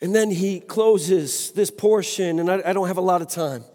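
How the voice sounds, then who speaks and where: A man's voice: high-pitched, fairly even intonation, moderate pace, warm tone. A man preaching a sermon with passion, exclaiming and speaking to the congregation. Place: church sanctuary. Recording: long hall reverb.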